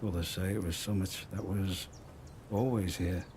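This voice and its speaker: A man's voice: low-pitched, fairly even intonation, moderate pace, noisy background, natural voice. An actor playing a wary, chatty male woodland trader with a northern English accent touched by Liverpool. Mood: musing. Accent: northern English with Liverpool hints. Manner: folksy, wary, chatty storyteller.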